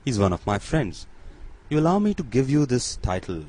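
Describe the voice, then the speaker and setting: A man voicing a proud, mysterious nobleman in an audiobook, speaking in a measured, authoritative way. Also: medium pitch, big pitch swings, a little mellow, pitched above the performer's own voice, low-quality recording. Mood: commanding.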